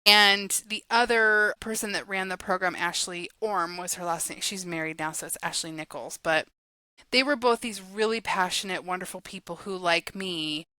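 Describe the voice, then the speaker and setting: A woman guest on a podcast, talking in a casual, animated way about her work and laughing often. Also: on the low side, moderate pace, no echo. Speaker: guest, guided journal creator and coach.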